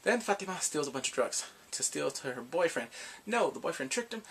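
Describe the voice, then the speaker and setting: A man casually recapping drama episodes in a rambling, excitable way, gasping and laughing as he goes. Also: fairly high pitch, a little fast, slight background noise. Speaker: drama reviewer.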